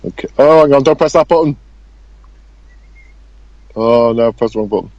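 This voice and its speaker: A man's voice: mid-range voice, normal speed, darkish tone, no echo, muffled recording. A man co-hosting a casual podcast, easygoing and often restarting his sentences. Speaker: podcast co-host.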